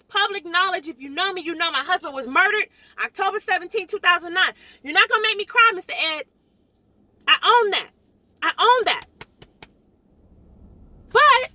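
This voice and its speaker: High, bright, fired-up woman ranting. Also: no room sound. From South Florida. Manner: emphatic, animated, repeats lines for emphasis. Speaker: realtor. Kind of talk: impassioned vlog rant.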